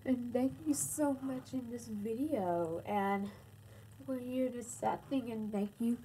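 A woman playing with a toy doll in a casual video, soft and cooing as if talking to a baby. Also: a little high, takes it slowly, a little hiss or hum, rough recording. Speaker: toy reviewer.

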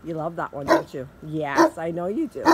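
A woman vlogging outdoors in a yard, talking to her dog in high sing-song baby talk. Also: big pitch swings, normal speed, slight background noise.

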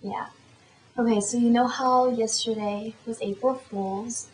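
A woman's voice: fairly high pitch, fairly even intonation, measured pace, a little mellow, reverberant, slight background noise, rough recording. A teenage girl vlogger telling a story in a chatty, rambling way. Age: teens. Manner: chatty and rambling, lots of fillers. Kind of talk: casual storytelling to camera.

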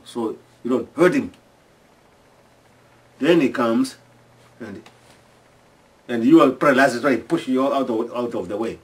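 A man telling stories from home in a halting, restarting way, acting out screams and sounds. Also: mid-range voice, far from the mic. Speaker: storyteller. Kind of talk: casual oral storytelling.

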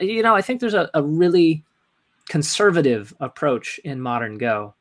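A man's voice: fairly high pitch, normal speed. A young man as a podcast guest in casual chat, rambling with many "like"s and "right?"s.

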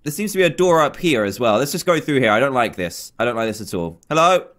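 A man's voice: mid-range voice, expressive, fast, fairly bright tone. A man hosting a game video, giving nervous, jumpy horror game commentary and talking to himself as he plays. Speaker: gaming video host.

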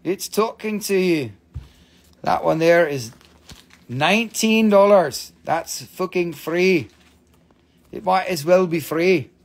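A man hosting a live-stream mineral sale, gushing excitedly over each stone, swearing freely and calling out prices. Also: high voice, slow, pauses often. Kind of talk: live-stream sales chat.

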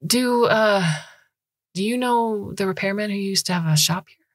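A woman plays an earnest young student, pleading and urgent, in a voice lifted noticeably above the reader's low, husky tone. the read is close and dry. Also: normal speed, no echo, natural voice.

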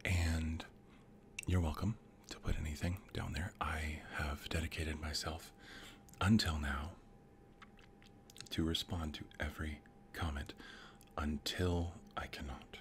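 A middle-aged man murmurs in whispered role-play, his voice deep and unhurried. He drifts from one thought to the next in a soft ramble. A faint hiss sits under the recording. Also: little pitch movement. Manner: rambling, softly whispered musing. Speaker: ASMR channel host.

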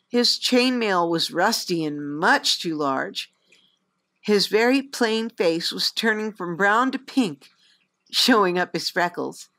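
A woman reading a fantasy novel aloud in an expressive, lively storybook narration. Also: medium pitch. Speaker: audiobook reader.

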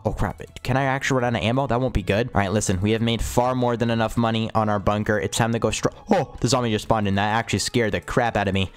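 A young man giving excitable gameplay commentary as a video host, with wild jumps in pitch. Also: clean tone. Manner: hyper, jumpy pitch, gasps and exclamations. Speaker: gaming YouTuber. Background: faint music.

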